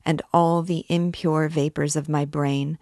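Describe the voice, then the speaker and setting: A woman's voice: low voice, flat delivery, measured pace, darkish tone, no echo, clean studio sound. A woman reading as a tormented, obsessive priest. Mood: brooding. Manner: intense, brooding confession. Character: tormented middle-aged male priest, obsessive.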